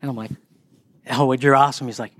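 Talking at a quick pace with no room sound, a middle-aged man spins an informal story. He's animated throughout, putting on higher-pitched voices for the people he quotes.

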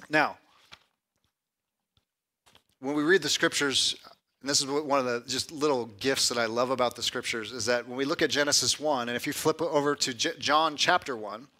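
Bright-voiced man preaching a sermon. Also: mid-range voice, normal speed. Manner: conversational preaching, often adds "right?"; builds to loud emphatic lists. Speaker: pastor.

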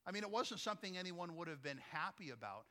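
A man's voice: sits high, very animated, fast talker, bright, forceful tone, long reverb tail. A man preaching a sermon as pastor, talking to the congregation in a conversational way and often asking them questions. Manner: conversational, asks listeners frequent questions.

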